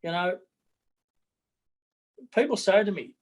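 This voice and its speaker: A man's voice: on the high side, fairly even intonation, moderate pace, poor audio. A middle-aged man with an Australian accent, a political candidate talking bluntly in an interview, repeating his words as he goes.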